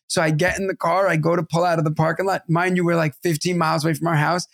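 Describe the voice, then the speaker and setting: A man in his thirties co-hosting a podcast, telling animated, profane family stories in casual chat. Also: on the high side, fast talker, vocal fry, no room sound, clean studio sound. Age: 30s. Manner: animated, swearing, acts out family voices. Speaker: podcast co-host.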